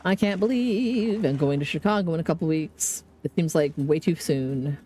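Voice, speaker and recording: A woman streamer in casual live gameplay commentary, chatty and excitable, rambling to herself at a desk mic. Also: low voice, normal speed, breathy edge.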